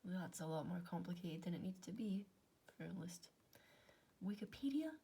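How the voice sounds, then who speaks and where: A young Scottish woman with an Inverness accent, a maths content creator, works through maths aloud in a casual way. Her lowish voice is expressive, mellow and husky at a moderate pace, and she mutters to herself between half-whispered asides.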